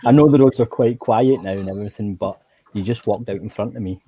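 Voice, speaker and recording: A man's voice: on the low side, quick pace, dark tone, a little hiss or hum. A man in casual chat while gaming, swapping blunt, sweary anecdotes and laughing often.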